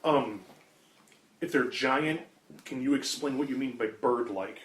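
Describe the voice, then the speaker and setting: A man at a tabletop game, cracking crude jokes among friends. His voice has a middle pitch. The room echoes around him. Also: measured pace. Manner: joking, crude. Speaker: player. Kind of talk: casual tabletop game chat. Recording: roomy room echo.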